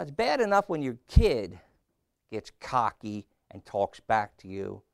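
A man's voice: fairly high pitch, vocal fry, no room sound, studio quality. A man preaching a sermon, putting questions to his listeners and pressing each point. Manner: slow, emphatic preaching with questions to the congregation.

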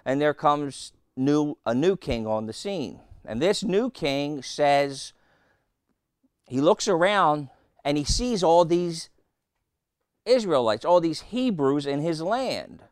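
Male preacher with a crisp, slightly high voice, spinning sermon anecdotes. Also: very animated, slow pace, dry recording, clean studio sound. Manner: storytelling with rhetorical questions and acted quotes.

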